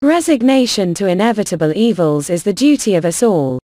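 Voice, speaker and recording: A woman voicing a pompous, self-satisfied young male clergyman in an audiobook, stately and measured. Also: medium pitch, lively intonation, warm tone, no room sound, studio quality, lightly acted. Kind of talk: audiobook character reading.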